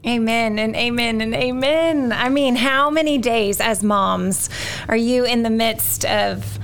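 A woman hosting a faith interview, affirming her guest and asking animated questions. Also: fairly high pitch, slow pace, a little hiss or hum. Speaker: podcast host. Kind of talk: casual faith interview talk.

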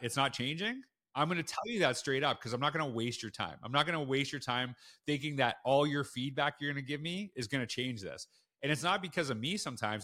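A man speaking as a podcast guest, recounting his own stories in a casual, animated way. His voice is bright and forceful. He leaps up in pitch when he acts out the people he is quoting. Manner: animated, acts out quotes with big jumps in pitch. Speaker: school principal and guest. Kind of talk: casual storytelling in a podcast interview.

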